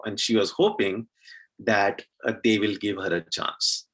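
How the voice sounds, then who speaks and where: Husky guy from india telling a temple story, lots of uh's, takes his time. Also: fairly low pitch, fairly even intonation, a bit bright, poor audio. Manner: unhurried telling with frequent uh fillers. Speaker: speaker at a temple celebration. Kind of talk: devotional storytelling.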